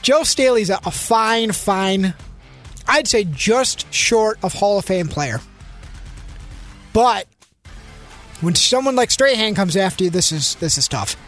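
High-voiced man, dry sports banter. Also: very animated, measured pace, pauses often, a bit bright, faint music behind. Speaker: sports talk co-host. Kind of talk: casual sports chat.

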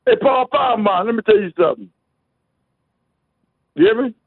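Gravelly caller on the phone. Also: male voice, very high voice, normal speed, no room sound. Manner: rambling, repeats words. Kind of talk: excited call-in banter. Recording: dry tinny phone line.

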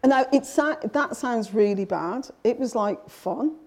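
Middle-aged woman author, gravelly low-ish tone, tells her childhood stories slowly with lots of restarts. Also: lively intonation, a little mellow. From England. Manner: reflective storytelling with frequent restarts. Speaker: author, guest. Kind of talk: conversational interview.

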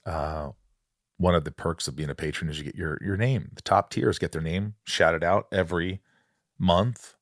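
A man's voice: deep voice, creaky, dry recording, studio quality. A man hosting a podcast, talking in a gushing, rambling, enthusiastic way. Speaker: podcast host. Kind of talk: casual podcast chat.

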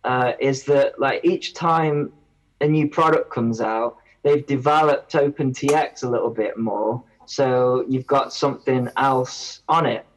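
A man's voice: medium pitch, unhurried, low-quality recording. A man, a guest on a casual podcast, who rambles and often breaks off mid-sentence. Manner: rambling, self-interrupting. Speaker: guest reviewer.

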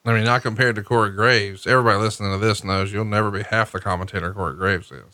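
A man hosting a podcast in casual banter, teasing and needling his co-host with deadpan jabs. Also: fairly low pitch, fast, dry recording.

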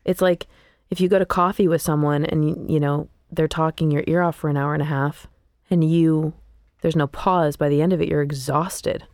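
Young woman, songwriter, gravelly, low-pitched, candid interview chat. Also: normal speed, dry recording, studio quality. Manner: animated, sings snippets of lyrics mid-sentence. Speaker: songwriter guest. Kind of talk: casual interview talk.

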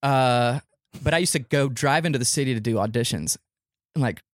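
A man spins a long, rambling story in casual podcast chat, his voice sitting mid-pitch. He keeps hopping into high squeaky impressions of other people as he goes. The mic is close and dry. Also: fairly quick, no echo. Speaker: podcast guest, comedian.

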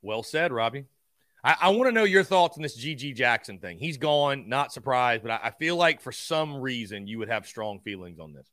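A man's voice: mid-range voice, expressive, moderate pace, pushed and bright, no room sound, clean studio sound. Blunt middle-aged man hosting sports talk. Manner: blunt, combative, unapologetic. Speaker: sports talk show host.

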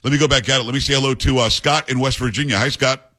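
A man's voice: medium pitch, fairly even intonation, bright, forceful tone. A man hosting a talk radio call-in show, blunt and opinionated, speaking into a studio microphone. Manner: blunt, opinionated, rapid asides.

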